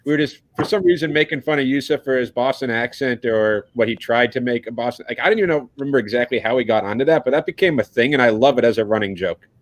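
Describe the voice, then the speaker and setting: A man's voice: medium pitch, fast talker, no echo. A man co-hosting a casual online chat on a video call, teasing and blunt. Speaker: co-host. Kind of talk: casual banter.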